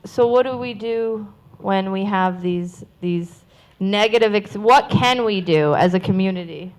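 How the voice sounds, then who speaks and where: A woman's voice: mid-range voice, unhurried, darkish tone. A woman hosting a convention panel, speaking encouragingly to the audience about community. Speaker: panel host. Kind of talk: leading a panel discussion.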